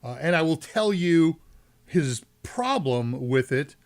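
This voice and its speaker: Texan male stream host, a touch high-pitched, casual and rambling with jokey asides. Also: animated, slow. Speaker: host of a live tech Q&A stream. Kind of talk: casual live-stream chat.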